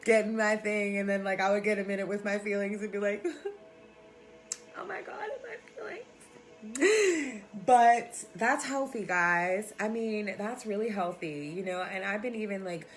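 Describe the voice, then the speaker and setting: An outspoken woman coach talks straight to her viewers in a casual live chat. She is warm-hearted and emphatic, with plenty of swearing, as soft music plays faintly in the background. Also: mid-range voice, fairly even intonation, normal speed, hardly any pauses. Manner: emphatic, profane, affectionate. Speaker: spiritual coach and sound healer.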